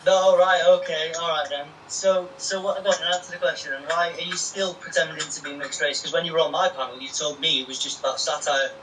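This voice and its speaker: A man's voice: on the high side, steady tone, fairly quick, hardly any pauses, bright, forceful tone. A man on a live-stream panel, sarcastic and interrogating, swearing as he presses his questions. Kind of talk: heated live-stream argument. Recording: distant mic with faint noise.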